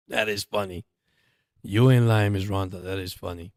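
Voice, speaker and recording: A man hosting a livestream, chatting casually and getting excited as he reacts to a football game. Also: lowish voice, unhurried, dry recording, clean studio sound. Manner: chatty, excitable during plays. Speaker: livestream host. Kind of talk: casual live game commentary.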